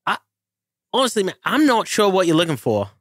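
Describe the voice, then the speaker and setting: A man voicing a blunt, unbothered male oil-rig foreman, who swears freely and gives deadpan one-word answers. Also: high voice, brisk, no echo, studio quality.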